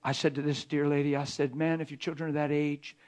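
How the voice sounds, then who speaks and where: A man's voice: fairly high pitch, level tone, a little fast. Man preaching, shifting between whisper and push. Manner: conversational preaching, drops to a hushed whisper for emphasis. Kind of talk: sermon.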